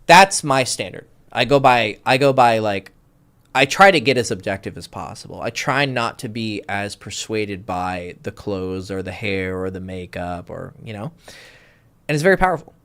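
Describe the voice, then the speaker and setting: A man's voice: on the low side, animated, normal speed, a bit bright. A man talking as a dating coach in a casual livestream Q&A, rambling with lots of fillers and swearing freely. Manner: rambling, filler-heavy, profane.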